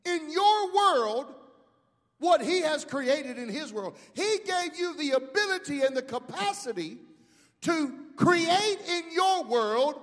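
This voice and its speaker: A middle-aged male pastor preaching a sermon, calling out to the congregation and rising into shouts. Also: extremely high pitch, animated, slow pace, in a large hall. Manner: preaching with call-outs to the congregation.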